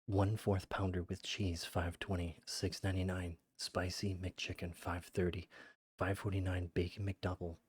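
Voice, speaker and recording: A man streaming a game as a VTuber, reading viewer messages aloud in a flat, rattled-off list and sounding exasperated. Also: low-pitched, normal speed, husky, dry recording. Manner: exasperated, rambling. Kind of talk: casual livestream chat while gaming.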